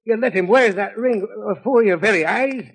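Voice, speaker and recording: Guy doing a sneaky villain noble, husky voice, old radio play. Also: high voice, moderate pace, low-quality recording. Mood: scheming. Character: scheming, sly villainous nobleman. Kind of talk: old-time radio drama acting.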